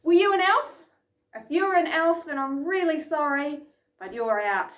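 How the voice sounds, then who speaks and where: A woman leading an energetic children's lesson, chanting and calling out game sounds. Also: sits high, unhurried. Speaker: children's program instructor. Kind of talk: lively kids' lesson from home. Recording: echoey room.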